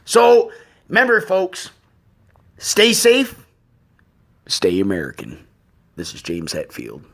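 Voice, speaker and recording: Man doing a blustering patriotic host, comedy sketch, gravelly, high, gruff and abrupt. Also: wildly swooping pitch, slow, a bit bright, full character voice. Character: blustering patriotic male podcast host, mid-aged.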